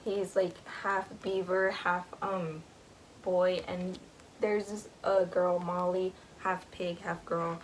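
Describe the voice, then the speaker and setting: A woman's voice: fairly low pitch, flat delivery, slow, slight background noise, rough recording. A woman casually recapping a book, rambling, with lots of filler words.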